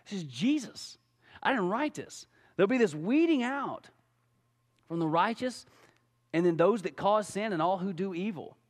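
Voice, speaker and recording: A man preaching a sermon as pastor, animated and casual, full of rhetorical questions. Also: high voice, moderate pace, big-room sound. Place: church sanctuary.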